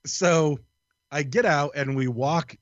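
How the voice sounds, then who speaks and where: A man, a podcast guest, telling a long story in casual, animated style, swearing freely and laughing as he goes. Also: medium pitch, normal speed, dry recording, dull audio. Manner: animated, profane, laughs through his story.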